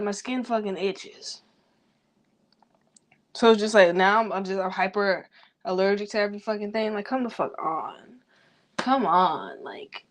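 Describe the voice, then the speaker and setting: A young woman venting in a rambling personal vlog, talking quickly, swearing a lot and talking to herself. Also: medium pitch. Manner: fast, rambling, heavy swearing, self-talk. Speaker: vlogger.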